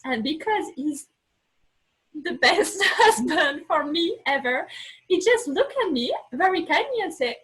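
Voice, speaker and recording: Her voice is high and her delivery unhurried, though the recording quality is low. Appearing on a podcast, she shares a frank personal story with animation, acting out what she said, in second-language English with minor errors.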